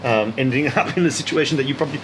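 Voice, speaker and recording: A man's voice: medium pitch, racing, a bit bright, a little hiss or hum, poor audio. A man hosting a podcast who listens attentively and prompts his guest. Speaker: podcast host. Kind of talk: casual interview chat.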